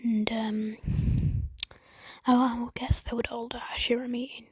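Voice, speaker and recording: A woman casually retelling a fan story in a husky voice, rambling with many fillers and mostly whispering. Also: a little high, little pitch movement, measured pace, dry recording.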